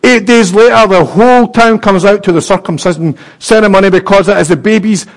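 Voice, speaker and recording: A man preaching a sermon, retelling a scripture story with emphatic pauses and touches of humour. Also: high-pitched.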